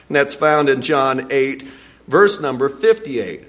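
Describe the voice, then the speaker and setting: A man teaching a Bible lesson in an animated way, acting out scripture and laughing often. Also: medium pitch, a little slow.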